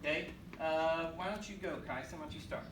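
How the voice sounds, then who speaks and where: A man leads a school band class from across a bright, echoing room, his fairly high voice carrying over steady room noise. He counts beats aloud, calls on students by name and urges them on. The recording sounds distant and roomy. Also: brisk. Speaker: band teacher. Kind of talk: classroom instruction. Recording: echoey room, voice from far off, noisy. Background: students and instruments.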